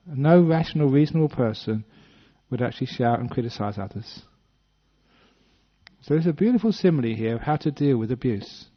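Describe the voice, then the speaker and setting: An English man in his sixties, a Buddhist monk telling a story with humor during a dharma talk, putting on little voices for the characters. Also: mid-range voice. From British-born, based in Western Australia. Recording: dull lo-fi talk recording.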